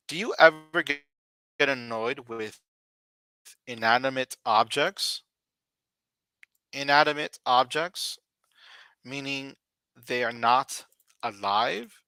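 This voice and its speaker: A man leads an English conversation lesson, speaking very slowly and deliberately, repeating each question and model answer. His voice is bright, and the recording is dry and close. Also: medium pitch, no room sound. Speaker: English teacher.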